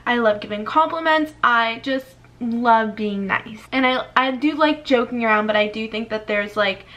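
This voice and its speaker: A woman's voice: a little high, fairly bright tone. Chatty young woman from Florida. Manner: chatty, lots of "like", quick laughs. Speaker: YouTuber. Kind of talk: casual vlog talk reading comments.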